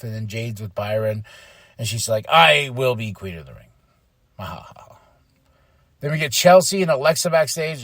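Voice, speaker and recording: A man hosting a podcast, recapping a wrestling show in casual chat, exasperated and playing out people's reactions. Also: dry recording. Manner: animated, exasperated, mimics people with his voice jumping up high. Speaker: podcast host.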